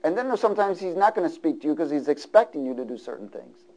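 Middle-aged male preacher, slightly high voice; big volume swings from fervent to hushed. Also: animated, fast talker, low-quality recording. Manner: swings from loud preaching to hushed, near-whispered lines. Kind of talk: sermon.

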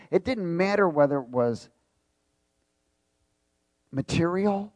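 A man's voice: on the high side, lively intonation, unhurried, a little mellow, dry recording. A male preacher reading scripture aloud in a sermon, stopping often to quiz the congregation and repeating key words with emphasis. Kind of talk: sermon with call-and-response.

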